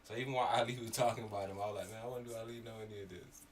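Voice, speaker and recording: Animated Miami man telling stories. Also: fairly low pitch, rapid-fire. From Miami area. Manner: animated, swearing, acts out quotes, loud when worked up. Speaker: podcast co-host. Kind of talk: casual storytelling chat. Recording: slightly distant mic, faint background noise.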